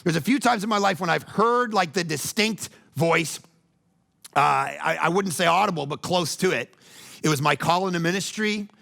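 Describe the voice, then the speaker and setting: A man, the church's pastor, preaching a conversational sermon with lively storytelling and joking asides. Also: high-pitched, normal speed, gravelly.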